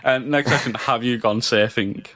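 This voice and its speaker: A man's voice: mid-range voice, fairly even intonation, moderate pace, fairly bright tone, dry recording. A man hosting a podcast, asking friendly, chatty questions. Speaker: podcast host. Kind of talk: casual interview hosting.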